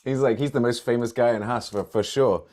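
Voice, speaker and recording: A man co-hosting a casual motorsport podcast, chatting in a jokey, animated way. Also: mid-range voice. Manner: animated, jokey, quick to mimic others. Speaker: podcast co-host. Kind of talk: casual chat.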